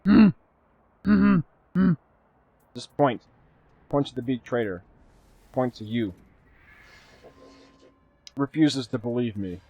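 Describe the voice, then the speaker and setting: A man streaming live gameplay, chatty and excitable, thanking viewers and swearing casually as he plays. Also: medium pitch, takes it slowly, pauses often, slightly rough, lo-fi sound.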